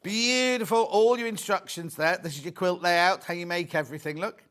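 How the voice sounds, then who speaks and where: A British man presenting on a live TV shopping channel, chatty and excitable, repeating prices and bantering with the studio crew. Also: high voice, moderate pace.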